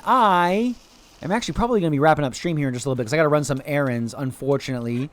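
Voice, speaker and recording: A man's voice: on the high side, animated, very fast, no room sound. A man from the United States chatting casually to viewers while streaming a game, greeting chat and dropping playful quacks. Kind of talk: casual live-stream chat over gameplay.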